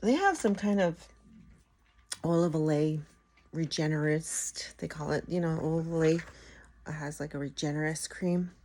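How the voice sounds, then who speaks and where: A woman's voice: low-pitched, a little slow, darkish tone, poor audio. A middle-aged woman chatting casually at home in a morning vlog, rambling and laughing often. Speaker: vlogger.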